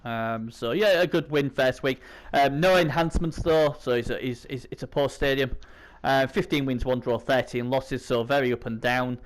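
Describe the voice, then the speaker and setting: A man's voice: mid-range voice, normal speed. A man hosting a casual gaming preview chat, his voice strained by a sore throat, rambling with lots of fillers. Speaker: host.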